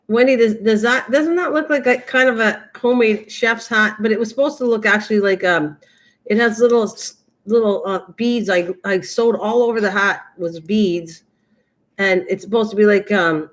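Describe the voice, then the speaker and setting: An older woman hosts a craft livestream in a slightly high voice. She rambles in easy, chatty talk, addresses her viewers by name, and keeps bursting into laughter. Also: fairly bright tone. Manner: talks directly to chat viewers by name. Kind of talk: casual livestream chat.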